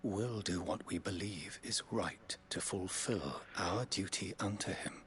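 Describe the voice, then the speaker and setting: A man's voice: sits low, unhurried, fairly bright tone, a little hiss or hum. An actor playing a solemn, devout male knight-leader who speaks in formal, courtly phrases.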